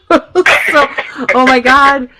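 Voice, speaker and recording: A woman's voice: high voice, very slow, heavy background noise. A middle-aged woman co-hosting a radio talk show, telling family stories in a chatty way and laughing often. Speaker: radio co-host. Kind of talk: casual radio chat.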